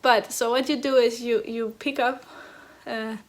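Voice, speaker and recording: Young woman chatting about knitting at home, rambly, kinda high voice. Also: fairly even intonation, a little slow. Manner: chatty, rambling, many fillers and restarts. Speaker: knitting podcast host. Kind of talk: casual chat.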